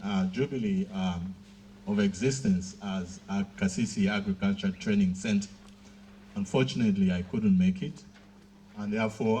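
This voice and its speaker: A man giving a formal graduation speech, measured and pausing often with fillers. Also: on the low side, a little mellow, a little hiss or hum. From Southern Africa.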